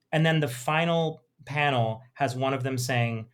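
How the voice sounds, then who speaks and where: A man co-hosting a casual podcast chat, talking in an animated way and reading passages aloud from a book. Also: mid-range voice, measured pace, hardly any pauses, smooth. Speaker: podcast co-host.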